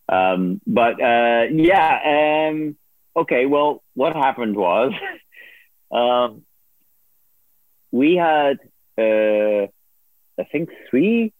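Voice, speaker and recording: Animated man on a tinny line. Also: mid-range voice, dry recording. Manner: animated, laughing, acts out others' voices. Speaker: guest, former producer turned on-air host. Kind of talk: casual storytelling interview. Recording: dry tinny phone-like line.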